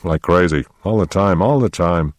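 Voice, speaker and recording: A man's voice: deep voice, moderate pace, no echo, lightly acted. A man reading a novel aloud, voicing a rueful, self-mocking working man full of regrets.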